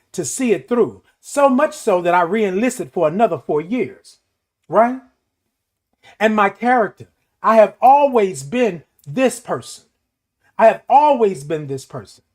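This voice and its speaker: A middle-aged man hosting a morning show, giving a motivational talk in an emphatic, repetitive preaching cadence. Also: high voice. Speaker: host.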